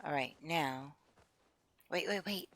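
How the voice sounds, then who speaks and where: A young woman streaming a game, chatting casually with her viewers in an expressive, excitable way on a close desk mic. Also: deep voice, slow pace, a little hiss or hum. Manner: expressive, chatty, gets excited and laughs a lot. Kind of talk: casual live-stream chat.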